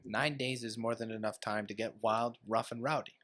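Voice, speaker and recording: A man's voice: fairly low pitch, fairly even intonation, normal speed, fairly bright tone. Laid-back podcast man. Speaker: podcast co-host. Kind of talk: casual chat.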